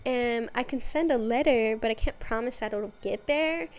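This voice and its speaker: A woman voicing a regal werewolf queen who gives airy, drawn-out reassurances in a raised voice. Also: a little high, smooth, close to an everyday voice. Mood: apologetic.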